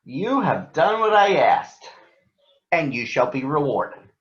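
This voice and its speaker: A man's voice: a little high, sing-song, slow pace, a bit bright, heavily acted. A man voicing a grand, commanding wizard from a storybook, in a stately manner. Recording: roomy, dull sound.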